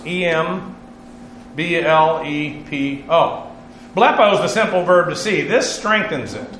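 The sound is roomy with a little hiss or hum as a pastor works through Greek words verse by verse for his Bible class. His fairly high, sharp-toned voice spells each word out letter by letter, methodically, with frequent "uh" fillers.

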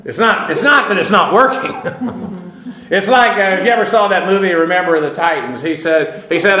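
A man's voice: sits high, normal speed, pushed and bright, reverberant, poor audio. A man teaching a Bible lesson as a sermon, talking in a loose conversational way with fillers and small laughs.

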